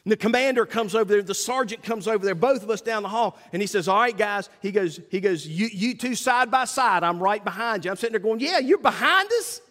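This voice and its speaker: A middle-aged man preaching a sermon, telling a story with lively acted-out quotes. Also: sits high, quick pace, hardly any pauses. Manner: animated storytelling, acts out quotes loudly. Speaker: pastor. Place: church sanctuary. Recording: long reverb of a church hall.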